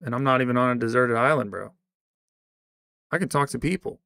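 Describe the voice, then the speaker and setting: A man streaming and chatting casually, rambling with restarts and trailing off into quiet mumbles. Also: mid-range voice, fairly quick, vocal fry, no echo, studio quality. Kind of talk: casual livestream chat.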